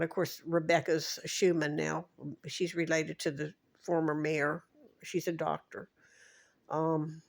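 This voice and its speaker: A woman's voice: lowish voice, creaky. A woman in her sixties telling a rambling personal recollection, wandering through names and details and restarting her sentences as she goes.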